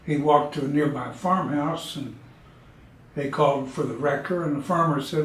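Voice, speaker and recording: Man, relaxed drawling storyteller, fairly high voice, roomy echo. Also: normal speed, recorded from a distance. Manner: relaxed, drawling, folksy, with occasional uh fillers. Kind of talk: folksy joke telling. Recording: echoey room, speaker away from mic.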